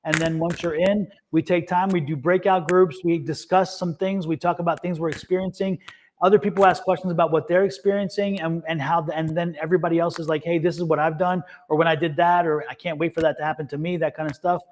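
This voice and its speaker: A chatty man hosts a live tarot session over a video call, talking in a casual, rambling way. His voice sits a bit high for a man. He repeats words and laughs often. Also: steady tone, fast talker, darkish tone, slight background noise. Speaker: tarot reader and co-host. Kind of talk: casual livestream chat.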